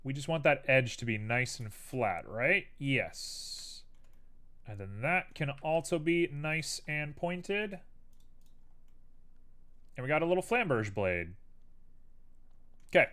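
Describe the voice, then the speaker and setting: A man's voice: on the high side, big pitch swings, unhurried, pauses often, a bit bright. A man hosting a live stream, casually chatting and thinking aloud to viewers as he builds a 3D model.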